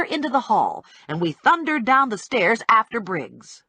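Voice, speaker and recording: A woman narrating a first-person audiobook with wry, brisk storytelling. Her voice is husky and moves widely in pitch. The recording is dry and close. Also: big pitch swings, pushed and bright, dry recording.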